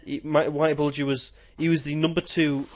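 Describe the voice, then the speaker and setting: A young man from the UK co-hosting a podcast, chatting casually about films and acting out favourite scenes with quick, animated retelling. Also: on the high side, a little hiss or hum. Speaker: podcast co-host.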